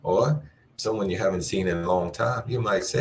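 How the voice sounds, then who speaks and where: A man teaching a language class, encouraging his students and repeating phrases slowly for them to practice. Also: low voice. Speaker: Spanish teacher. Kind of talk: live online language class.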